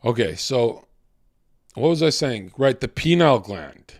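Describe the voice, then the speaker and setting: A man talking to his stream in a casual, animated and profane monologue, swinging between loud rants and quiet asides. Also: medium pitch, slow, dry recording, studio quality.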